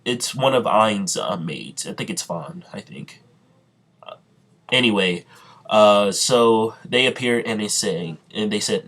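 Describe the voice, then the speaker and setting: A man with a lowish voice retells an anime story in a loose, rambling way. He stops often for fillers and corrections and reads the characters' lines without putting on voices. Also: a bit bright. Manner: rambling, halting, full of fillers and self-corrections, reads quotes in his own voice. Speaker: storyteller recapping an imagined anime plot. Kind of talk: casual spoken recap with quoted dialogue.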